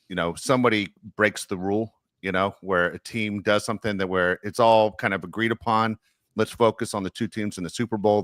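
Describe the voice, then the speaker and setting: A low, deep-voiced man hosts a casual sports podcast. He rambles and jokes, circling back with fillers as he talks. The sound is close and dry, with no room in it. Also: fairly bright tone, clear, resonant tone, dry recording. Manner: rambling, joking, frequent fillers. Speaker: podcast host.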